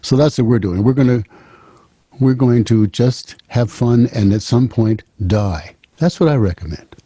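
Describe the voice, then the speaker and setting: A man's voice: medium pitch, a little slow, warm tone, breathy edge, dry recording. A man in his seventies, a show host telling a rambling personal story, repeating and restarting phrases as he goes. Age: 70s.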